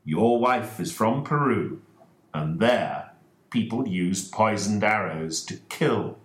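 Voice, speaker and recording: A man voicing a calm, precise detective who explains things in a measured way, in an audiobook story. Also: on the low side. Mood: explaining. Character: calm, precise male detective, middle-aged. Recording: roomy echoing recording.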